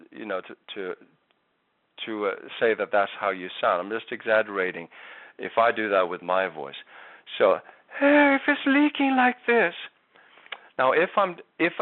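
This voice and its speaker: A man's voice: lowish voice, no room sound. A man giving a singing lesson, patiently explaining vocal technique with frequent restarts. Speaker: singing teacher. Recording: tinny phone-like audio.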